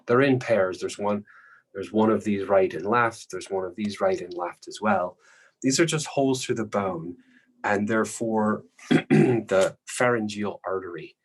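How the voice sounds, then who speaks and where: A male lecturer explaining anatomy patiently while drawing, often clearing his throat. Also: on the low side, unhurried, poor audio.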